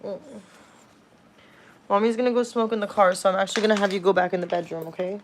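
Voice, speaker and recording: Speaking fast in a mid-range voice, this thirty-something woman rants casually on a nighttime livestream from home. She's blunt, heated and full of swearing, then switches to cooing baby talk for her dog, over a slight hiss or hum.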